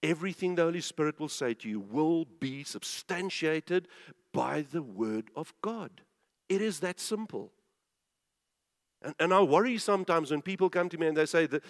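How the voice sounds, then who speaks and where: A male preacher with a notably high voice delivers a sermon with emphasis, repeating phrases and asking the listeners questions. His words ring out with a long reverb.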